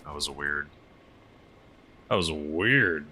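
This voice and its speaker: A man's voice: very deep voice, expressive, slow, a crowd in the background. A young man streaming a game, chatting casually while he flies and reads chat, rambling with lots of fillers. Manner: rambling, filler-heavy, laughs often. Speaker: streamer flying a helicopter.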